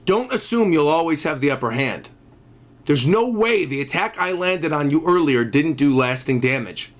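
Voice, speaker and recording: A man voicing a hardened young male fighter who speaks low, steady and defiant while reading a comic aloud. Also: normal speed, natural voice. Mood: grim.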